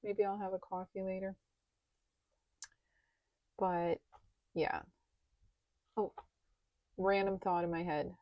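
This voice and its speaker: A woman's voice: medium pitch, flat delivery, takes it slowly, long pauses, no room sound, muffled recording. A woman vlogger chatting casually while counting cash into budget envelopes aloud, sometimes dropping to a near-whisper.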